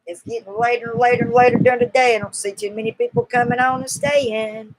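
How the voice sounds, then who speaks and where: A woman's voice: on the high side, lively intonation, fast, vocal fry, low-quality recording. Chatty Southern woman hosting a live stream. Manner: chatty, teasing and coaxing, folksy. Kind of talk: casual live-stream Q&A chat.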